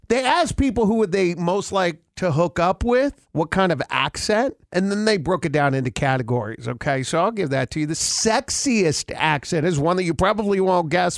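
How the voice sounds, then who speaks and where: Fairly high-voiced male radio host. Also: sing-song, moderate pace, few pauses, dry recording, studio quality. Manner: leads the segment, reads out poll results with emphasis. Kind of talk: casual radio banter.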